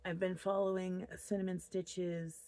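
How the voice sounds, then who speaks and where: A woman's voice: fairly low pitch, flat delivery, unhurried, dark tone. A woman in her thirties chatting casually to camera from her home office, rambling and openly upset. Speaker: crochet vlogger.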